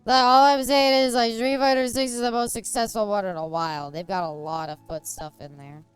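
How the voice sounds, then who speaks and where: A woman's voice: a little high, fairly even intonation, brisk, clean tone, no room sound, faint music behind. A woman streaming a game, chatting casually in a giggly, rambling way and making crude jokes. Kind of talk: casual gameplay chat.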